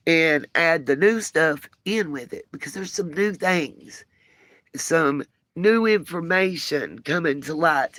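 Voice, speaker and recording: A woman's voice: sits low, a bit bright. A woman hosting a casual vlog from inside a motorhome, talking into her cell phone in an earnest, rambling way with lots of fillers while she gets dressed. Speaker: channel host.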